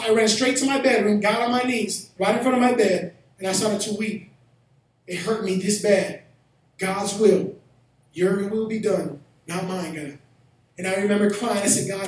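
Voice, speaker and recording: A man preaches to his congregation, telling a personal story before rising to shouted exhortation. His voice sits very high for a man. The sound carries the heavy echo of a church hall, and he is picked up from some distance away from the mic. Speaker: pastor. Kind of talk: sermon.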